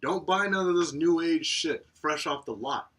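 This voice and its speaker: A man co-hosting a podcast in casual chat, profane and animated, laughing often. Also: a little high, normal speed. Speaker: podcast co-host.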